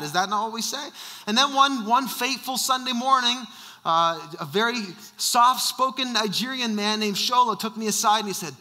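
A man's voice: high voice, expressive, moderate pace, pushed and bright, big-room sound. A male senior pastor preaching a sermon, emphatic and fond of rhetorical questions.

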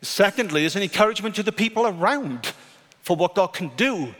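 A male pastor preaching a sermon, moving between urgent raised questions and quiet, hushed statements. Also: sits high, animated, fairly quick. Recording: church hall reverb with soft music.

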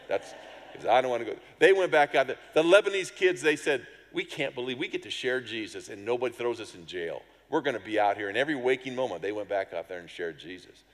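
A middle-aged male pastor tells a story from the pulpit with a lively, swooping delivery. He acts out other people's voices and sounds, and pokes fun at himself. His voice carries a long reverb from a large hall. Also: mid-range voice, fast. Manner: animated storyteller, acts out voices and sounds, self-deprecating humor. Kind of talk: sermon with a personal story.

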